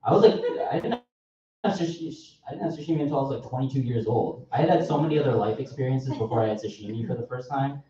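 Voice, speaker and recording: A man's voice: mid-range voice, quick pace, dark tone. Rambling young man doing stand-up, echoey. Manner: offhand, rambling, self-mocking. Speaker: stand-up comedian. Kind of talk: stand-up set. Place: comedy club stage. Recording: echoey, distant, dull live club recording.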